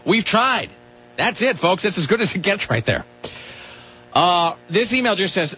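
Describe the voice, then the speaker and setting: A man's voice: sits high, sing-song, bright, forceful tone, breathy edge, faint music behind. A man hosting a talk radio show, rambling and mocking himself in casual banter. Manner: rambling, self-mocking, quick restarts. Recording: dull lo-fi radio audio.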